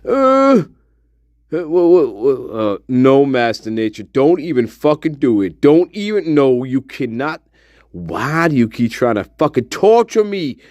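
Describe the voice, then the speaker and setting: A man's voice: mid-range voice, sing-song, a little slow, darkish tone, no echo. A man playing an exasperated, foul-mouthed male spirit guide in the afterlife, ranting and stammering through an improvised comic monologue.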